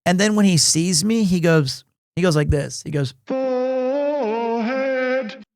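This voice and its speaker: A man's voice: a little high, moderate pace, a little mellow, dry recording, clean studio sound. A man hosting a game livestream, chatting casually in a gushing, rambling way and often repeating his words. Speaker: livestream gamer host. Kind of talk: casual stream chat.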